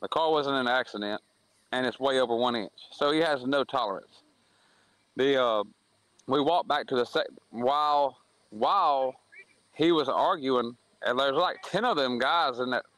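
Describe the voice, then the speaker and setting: A man's voice: medium pitch, moderate pace, fairly bright tone, dry recording, rough recording. A man tells a heated racetrack story in casual podcast chat, acting out the quoted arguments in a blunt, plain-spoken way. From southern United States. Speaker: racing series promoter on a podcast.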